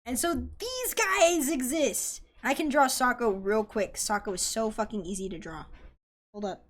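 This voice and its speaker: A young woman chatting casually on a livestream while drawing, rambling excitedly, swearing and yelling at her chat. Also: fairly high pitch, a little slow. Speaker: artist streamer.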